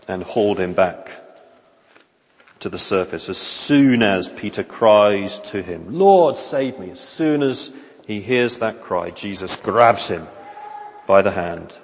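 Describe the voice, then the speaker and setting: A man preaching a sermon in an earnest, measured way, often posing rhetorical questions. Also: deep voice. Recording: reverberant hall, dull lo-fi sound.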